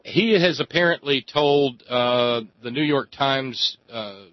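Emphatic talk radio host, dry sound. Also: male voice, medium pitch, no echo. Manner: emphatic, drawn-out phrasing with many fillers. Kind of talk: talk radio monologue and call-in chat. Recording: dry, slightly dull radio studio sound.

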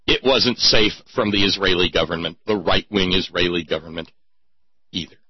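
A man's voice: low-pitched, normal speed, breathy edge, no echo, highs cut off. A man delivering a sarcastic, mocking commentary monologue with theatrical emphasis.

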